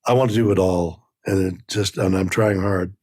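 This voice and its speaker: A man in his nineties from Canada, a guest in a casual interview, talking haltingly and repeating words as he searches for phrasing. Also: deep voice, fairly even intonation, darkish tone, husky, dry recording, studio quality. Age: 90s.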